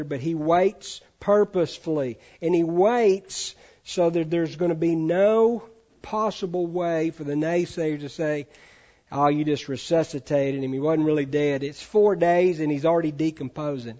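A man's voice: fairly high pitch, measured pace, mellow, lo-fi sound. Man preaching a chatty sermon. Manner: conversational, asks the congregation questions. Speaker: pastor.

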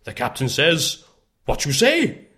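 A booming, theatrical older narrator, as a man puts him on in a comic impression, bellows his lines in a raised voice that swoops wildly up and down. He drags each word out slowly and hammily. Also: huge pitch swings, bright, forceful tone, exaggerated voice. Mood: hammy. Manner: bellowing, halting, breaks into laughter.

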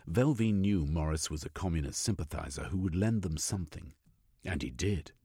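A man narrating an audiobook story in an expressive, varied way. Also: low voice, moderate pace, breathy edge, no echo, studio quality.

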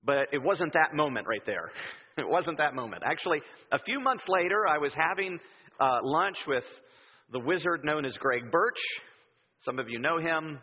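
A man preaching a sermon in a church, telling stories in an animated way and acting out the voices he quotes. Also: on the high side, normal speed, slightly rough. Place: church sanctuary. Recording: dull sound with long hall reverb.

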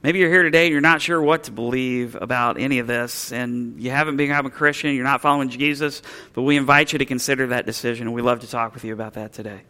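A male pastor delivers a sermon in a church with a bright, forceful voice. He is earnest and emphatic. He often slows down and drops his voice to let key phrases land. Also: mid-range voice, steady tone.

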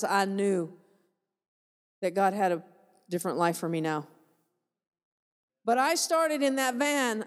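A woman missionary giving a personal testimony to a church audience, telling her story with animation, laughter and repeated phrases for emphasis. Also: mid-range voice. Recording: echoey hall reverb.

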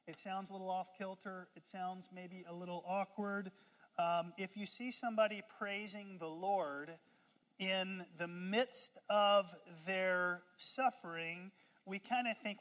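Animated preacher in a reverberant hall. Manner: conversational preaching with call-and-response; animated, jumps high in pitch and loudness for humorous asides. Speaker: pastor. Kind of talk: sermon.

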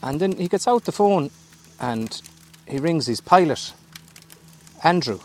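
A man's voice: a little high, expressive, measured pace, darkish tone. Man spinning a rambling yarn. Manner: rambling, easygoing anecdote-telling. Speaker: fishing guide guest. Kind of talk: casual storytelling.

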